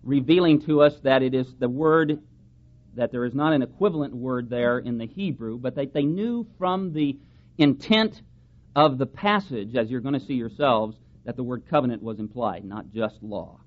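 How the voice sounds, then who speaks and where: Reading scripture aloud at a normal speed, this mid-range male preacher presses his points hard, his voice rising and falling emphatically for stress. There's a faint hiss behind the dull, lo-fi sound.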